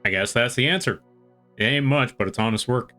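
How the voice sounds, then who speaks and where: A man with a relaxed American accent that has a slight Southern twang chats casually on a live stream. He rambles in a friendly way and greets viewers by name. His pitch sits in an ordinary middle range, with faint music playing behind him. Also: a little fast. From western United States. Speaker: art streamer.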